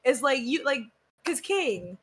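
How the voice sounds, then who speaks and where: A woman in casual group chat on a stream, animated and giggly, often slipping into joking voices. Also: high voice, slow, noisy background.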